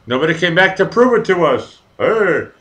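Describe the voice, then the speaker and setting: Man, live show host, rambling and profane, lively up-and-down pitch, bright edgy tone. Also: normal speed, poor audio. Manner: rambling, profane, animated storytelling. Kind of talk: casual live chat.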